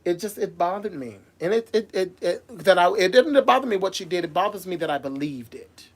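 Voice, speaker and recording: A woman's voice: fairly low pitch, expressive, a little fast. A woman ranting on a casual livestream, heated and emotional, repeating and restarting her words as she speaks straight to her viewers. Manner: heated, emotional and repetitive, stumbling over words; addresses viewers directly. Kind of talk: casual live-stream rant.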